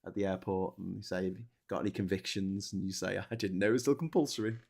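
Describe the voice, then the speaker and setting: A man's voice: deep voice, steady tone, fast talker, vocal fry, a little mellow, slightly rough. A man hosting a casual chat show, chatty, swearing freely and laughing often. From England. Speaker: host.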